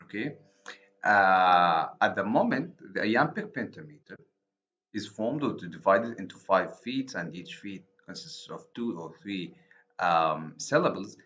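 A man with an Arabic accent, a native Arabic speaker, giving a university literature lecture, deliberate and repeating and rephrasing his points. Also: deep voice, animated, fairly bright tone. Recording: dull lo-fi recording.

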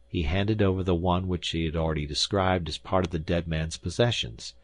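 Deep-voiced man reading an audiobook. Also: steady tone, a little fast, few pauses. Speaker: audiobook narrator. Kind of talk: scripted narration.

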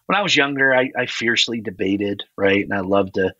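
A middle-aged man, a pastor, chatting as a podcast guest, affirming his host and quick to laugh. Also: on the low side, pushed and bright, dry recording, highs cut off. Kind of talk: casual conversation.

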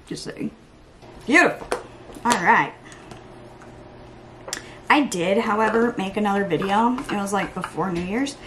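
A young woman chatting through her makeup routine in a get-ready-with-me vlog at home, rambling, excitable and laughing at herself. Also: medium pitch, slow pace, long pauses, noisy background. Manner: rambling and self-mocking, laughs often; excitable, hyper. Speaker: beauty vlogger.

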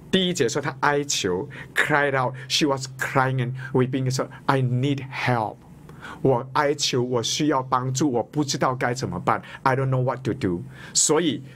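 A man's voice: mid-range voice, fairly bright tone, slight background noise. A man, preaching a sermon as a pastor, repeating each point and stressing key words.

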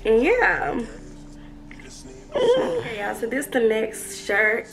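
A young woman, a fashion vlogger, chats casually with viewers during a try-on haul, laughing and out of breath. Her voice sits on the high side, sing-song and unhurried. The room echoes, she's far from the mic, and faint music plays.

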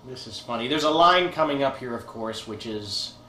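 A man's voice: mid-range voice, expressive, moderate pace, sharp tone. A man who directed the film, chatting through a commentary, pointing out scenes and laughing often. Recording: roomy echo, faint hiss.

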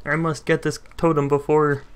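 A man's voice: fairly high pitch, little pitch movement, normal speed, clean tone. A young man with a Canadian accent, swearing and laughing as he chats with a friend over a video game. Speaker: gameplay video host. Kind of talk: casual gaming banter with a friend.

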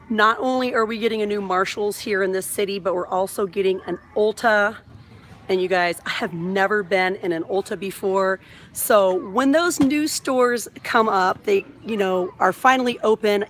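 This is a woman in her thirties vlogging live from inside a large store, recorded on a phone held on a vlogging mount. She talks in a bubbly, gushing, chatty way and sits at a middle pitch. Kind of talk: live shop-with-me vlog.

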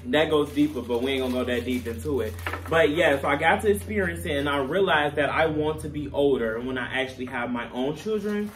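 A man's voice: fairly high pitch, brisk, fairly bright tone. Chatty young man on a distant camera mic. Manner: chatty, candid, laughs at himself. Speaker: vlogger. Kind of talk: casual chat to camera. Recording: distant camera mic, faint room noise.

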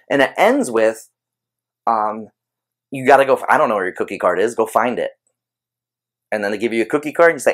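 A man giving an informal explanatory talk on behavior training, conversational and animated, using everyday examples. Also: medium pitch. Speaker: behavior analysis educator.

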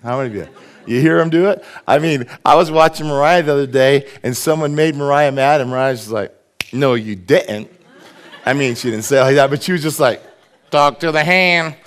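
In a church sanctuary, a pastor with a slightly high voice preaches a sermon in an animated, conversational way, tossing asides to the congregation.

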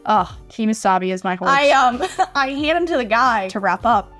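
A woman's voice: fairly high pitch, animated, normal speed, fairly bright tone. Gushing young woman in a casual vlog. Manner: gushing, playful and chatty. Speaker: model horse collector vlogger. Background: faint background music.

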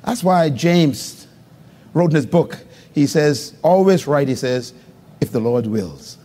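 A man preaching a live sermon as pastor to a congregation, calling for responses and swinging between loud high exclamations and low murmurs. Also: animated, a little slow, some chatter behind. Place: church hall before a congregation. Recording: live recording with long hall reverb.

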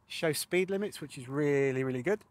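A man's voice: fairly high pitch, fairly quick, no echo. A man presenting a casual walkthrough of a motorcycle sat nav, chatty with wry asides.

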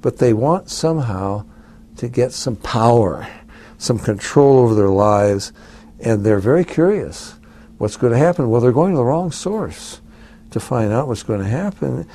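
A man's voice: medium pitch, lively intonation, a little slow, warm tone. A man, an author, speaking conversationally to an audience with chatty asides.

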